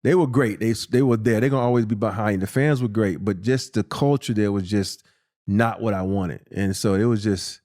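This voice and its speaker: A man in his fifties, a former basketball player and podcast guest, telling a profane, animated story and acting out what people said. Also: lowish voice, normal speed. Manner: animated, profane, acts out quotes in a raised voice. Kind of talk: casual storytelling.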